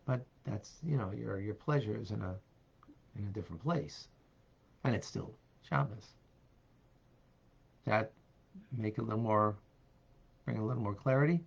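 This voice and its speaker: Rabbi answering questions in a halting, muffled voice. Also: male voice, fairly low pitch, creaky, breathy edge. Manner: halting, many fillers, soft laughs. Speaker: rabbi teaching a class. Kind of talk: casual Q&A teaching.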